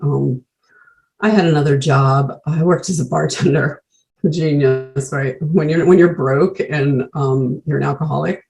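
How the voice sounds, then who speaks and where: Over a video call, a woman shares her own recovery story with blunt candor, swearing freely and leaning heavily on "like." Her voice is low, gravelly and slightly mellow, and the recording is rough.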